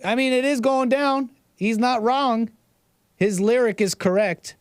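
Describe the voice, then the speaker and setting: A man's voice: extremely high pitch, fairly even intonation, unhurried, clean tone, no room sound, clean studio sound. A man hosting a casual livestream, reading viewer messages and rambling sarcastically with frequent restarts. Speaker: livestream host.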